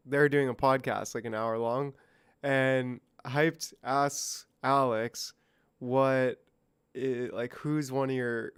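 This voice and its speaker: A man's voice: medium pitch, fairly bright tone, smooth, no echo. A man hosting a casual chat show, rambling and slangy as he reacts to a clip. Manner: laid-back, rambling, slangy. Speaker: host.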